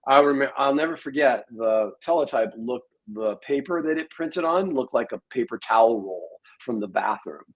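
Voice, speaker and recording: A man's voice: medium pitch, animated, moderate pace, hardly any pauses, poor audio. A man in his sixties, a programmer, telling rambling stories in a casual interview. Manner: rambling storyteller, many fillers.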